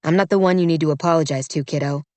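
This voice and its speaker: A woman's voice: rapid-fire, dark tone, dry recording, close to an everyday voice. A woman voicing a blunt, wry young man who looks out for his little sister. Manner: wry and plain-spoken, lowered voice. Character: blunt, protective young man, big brother. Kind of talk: audiobook character voice.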